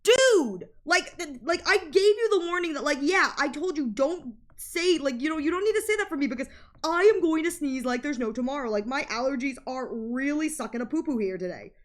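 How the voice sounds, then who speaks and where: Speaking a little fast in a high voice, this woman streams herself drawing and chats casually. Her rambling stories come with frequent fillers and laughs, and she plays out other people's lines with animation.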